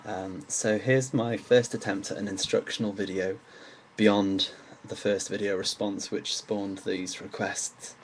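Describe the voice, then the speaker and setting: Young English male, low register, casual and halting teaching delivery, faint background hum. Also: steady tone, low-quality recording. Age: young adult. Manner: hesitant, lots of ums, slows to demonstrate words. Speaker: accent teacher. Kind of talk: casual pronunciation lesson.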